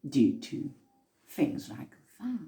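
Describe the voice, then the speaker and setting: A woman's voice: rumbling low, big pitch swings, takes it slowly, creaky, dark tone, heavily acted. Woman playing an intense mystic. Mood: earnest. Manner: intense, storytelling, repeats for emphasis. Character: earnest woman mystic recounting time slips. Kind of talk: improvised monologue.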